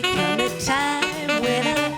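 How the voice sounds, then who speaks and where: A woman doing a live cabaret singing impression of a glamorous 1950s screen siren, breathy and coquettish. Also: high voice, takes it slowly, over loud music. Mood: flirtatious.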